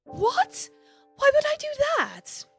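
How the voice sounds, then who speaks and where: A woman's voice: high voice, huge pitch swings, moderate pace, fairly bright tone, faint music behind, pitched above the performer's own voice, heavily acted. A woman voicing a rich, fancy young lady of a mansion with a put-on posh British accent. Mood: startled. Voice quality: posh, formal.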